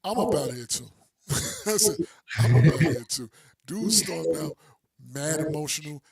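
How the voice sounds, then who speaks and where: A man's voice: fairly high pitch, big pitch swings, moderate pace, vocal fry, crowd noise. Male podcast co-host, casual slangy storyteller, acts out quotes.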